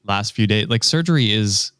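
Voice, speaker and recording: Male co-host, smooth clear voice, blunt and profane, dry studio sound. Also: lowish voice, lively intonation, normal speed, a bit bright, no echo. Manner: blunt, swears freely, reacts with outrage. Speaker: podcast co-host. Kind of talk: casual podcast chat.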